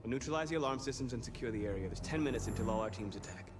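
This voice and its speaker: An actor playing a calm, principled android leader man who gives orders in a measured, commanding way, in a video game. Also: medium pitch, lightly acted. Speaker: game character. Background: loud game music.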